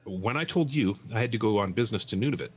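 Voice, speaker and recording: A man's voice: fairly low pitch, animated, fast, breathy edge. A man doing a ranting indignant husband. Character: angry husband back from a trip.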